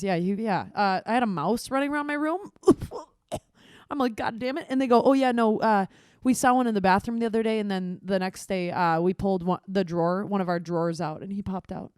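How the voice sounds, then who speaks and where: A woman's voice: mid-range voice, quick pace, darkish tone, no room sound, clean studio sound. A woman in her twenties co-hosting a casual podcast, telling a story animatedly, acting out her own reactions and swearing freely. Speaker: podcast co-host.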